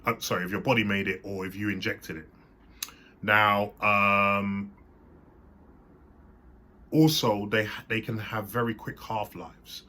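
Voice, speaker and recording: A man's voice: fairly low pitch, little pitch movement, unhurried, long pauses, pushed and bright. A man hosting his own channel, explaining a topic in a casual, meandering monologue full of fillers and restarts. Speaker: host.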